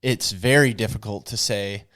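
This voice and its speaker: A man's voice: on the low side, moderate pace, a bit bright. A man co-hosting a podcast, talking earnestly and preaching a little to his listeners, whom he calls y'all. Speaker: podcast co-host. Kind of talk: candid podcast conversation.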